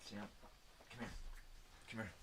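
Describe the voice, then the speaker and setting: A man's voice: measured pace, noisy background. An older man hosting a casual morning video from his home, coaxing his dogs and ranting with a lot of profanity. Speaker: vlog host.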